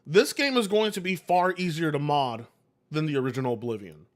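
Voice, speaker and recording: A man's voice: a little high, a little fast. A man hosting a live game stream, chatting casually with viewers in a rambling way, swearing and laughing easily. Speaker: livestream host.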